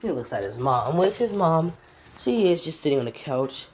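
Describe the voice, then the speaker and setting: Woman, low voice, lively pitch, casual fan story narration, rambling, slangy. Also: moderate pace, a little hiss or hum.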